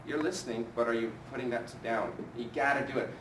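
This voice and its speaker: Speaking fast over a noisy background, a man with a mid-range voice runs a live sales training for a group. He coaches with energy and fires questions at the room, recorded from a distance in an echoey space with faint ambience.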